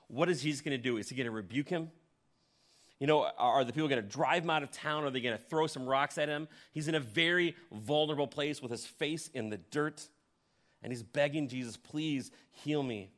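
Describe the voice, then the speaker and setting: A male pastor with a mid-range voice delivers a sermon, telling the story vividly. He swings between loud emphasis and hushed near-whispers, and he speaks directly to his congregation by putting questions to them.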